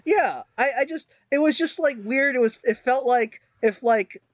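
A man with a fairly high voice, chatting as a podcast co-host. He rambles, mocks himself and keeps restarting his sentences. The sound is dry and close to the mic. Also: moderate pace, no room sound. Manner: rambling, self-mocking, lots of fillers and restarts. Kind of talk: casual chat.

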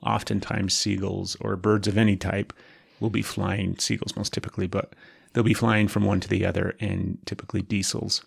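A man's voice: fairly low pitch, level tone, normal speed, creaky, hardly any pauses, husky, no room sound, clean studio sound. A man co-hosting a casual podcast chat, laid-back and dryly teasing. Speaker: podcast co-host.

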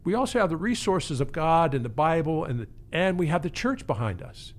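In a conversational interview, a male pastor who teaches pastoral care speaks earnestly and reflectively, often restarting his phrases. His voice sits on the high side, with big swings in pitch and a brisk pace.

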